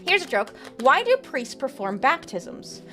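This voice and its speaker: Giggly high-voiced woman streamer. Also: sing-song, a little slow, bright, forceful tone, faint music behind. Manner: giggly, jokey, reads chat and tarot cards aloud. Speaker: VTuber streamer. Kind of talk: casual live-stream chat with viewers.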